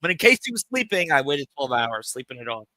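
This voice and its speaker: A man's voice: a little high, big pitch swings, quick pace, pushed and bright, no echo, low-quality recording. A man on a live stream, ranting in a rambling, profane, emphatic way to his chat. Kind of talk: casual live-stream rant.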